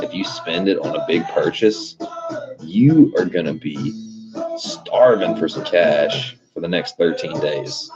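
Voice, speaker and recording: A young man hosting a livestream, telling stories in a casual, profane, laid-back way. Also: low voice. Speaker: livestream host. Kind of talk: casual rambling chat. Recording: dull lo-fi stream audio with music behind.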